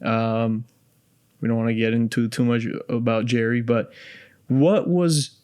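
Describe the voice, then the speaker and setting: A man's voice: medium pitch, steady tone, unhurried, a little mellow, clear, resonant tone. Easygoing male podcast host. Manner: curious, easygoing questions. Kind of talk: casual interview.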